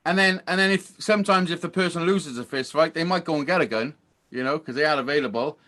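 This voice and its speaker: A man's voice: a little high, fast, bright, forceful tone. A Welsh man hosting a casual online chat, teasing his friends in a blunt, sweary way. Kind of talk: casual banter.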